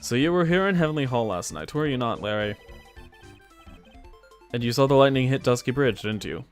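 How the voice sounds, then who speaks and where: A man's voice: medium pitch, expressive, fairly quick, faint music behind, close to an everyday voice. A man voicing a cold, haughty male prosecutor in stern, clipped, condescending game dialogue. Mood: accusing. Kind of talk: game dialogue read-along.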